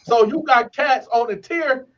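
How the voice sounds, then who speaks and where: Animated, laughing man telling stories. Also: very high-pitched, unhurried, dull audio. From Flint, Michigan. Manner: animated, laughs often, acts out other inmates' voices. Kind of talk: casual storytelling.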